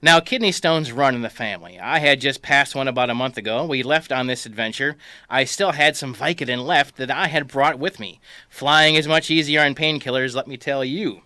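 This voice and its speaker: Man, comic storytelling, wry and deadpan, bright, sharp voice, dry close sound. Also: mid-range voice, normal speed, no room sound. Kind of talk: reading a comic personal story.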